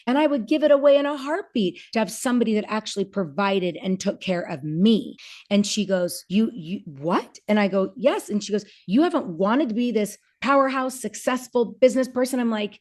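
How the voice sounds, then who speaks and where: Earnest woman, halting and candid. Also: medium pitch, expressive, a little mellow. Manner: earnest, halting with many restarts, acts out quoted dialogue. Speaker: podcast guest. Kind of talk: candid personal conversation.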